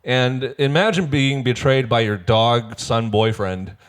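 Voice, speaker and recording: A man co-hosting a casual podcast, swearing freely and acting out quotes in high put-on voices. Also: fairly even intonation, slow, clean tone. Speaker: podcast co-host. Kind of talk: casual chat recapping a reality show.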